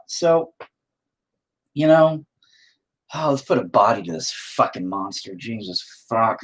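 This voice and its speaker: A man's voice: lowish voice, animated, unhurried, pauses often, a bit bright, slightly rough. A man livestreaming while he paints, chatting with viewers in a rambling, profane, self-mocking way. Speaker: livestreaming painter reading chat. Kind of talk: casual rambling stream chat.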